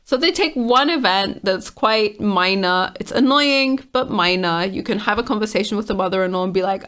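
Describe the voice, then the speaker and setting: A woman's voice: mid-range voice, animated, moderate pace, few pauses, fairly bright tone, clean tone. A woman casually reading online comments aloud and reacting to them with frank exasperation.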